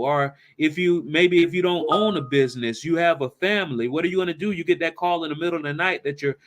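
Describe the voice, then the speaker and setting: Male seminar presenter, chatty storyteller, fairly high voice. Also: a bit bright. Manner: conversational, asks rhetorical questions. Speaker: financial workshop presenter.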